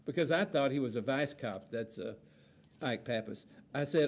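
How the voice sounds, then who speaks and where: A man moderating a panel, reading an account aloud in a steady, plainspoken way with frequent fillers. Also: mid-range voice, normal speed.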